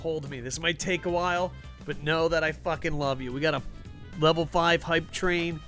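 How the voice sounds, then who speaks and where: A young man streaming a football video game live, joking with his chat, swearing and getting loudly excited. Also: on the high side, moderate pace, soft background music.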